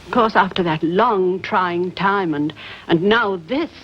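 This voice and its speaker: Slow and hesitant, a fussy aunt frets her way through each line. The sound is dull and muffled, like an old TV soundtrack. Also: lowish voice. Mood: fretful. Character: fussy, well-meaning older aunt. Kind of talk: early 1960s TV drama acting.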